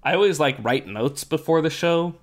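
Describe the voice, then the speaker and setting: A man hosting a casual podcast chat, explaining things in a relaxed way with many fillers while his voice is going hoarse. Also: on the high side, normal speed. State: losing his voice. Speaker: podcast host.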